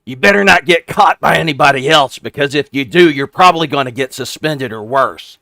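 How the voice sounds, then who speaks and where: A man voicing a small, fussy male goblin who sticks to the rules and scolds in a shrill, quick voice. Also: creaky, pushed and bright, dry recording. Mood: stern.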